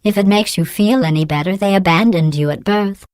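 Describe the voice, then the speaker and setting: A woman voicing a cold, sarcastic female AI computer in a video game, deadpan with a synthetic edge. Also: mid-range voice, fairly quick, dry recording, natural voice. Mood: cold mocking. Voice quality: smooth, synthetic-edged, deadpan. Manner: dry mocking insults delivered calmly. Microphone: clean dry studio recording.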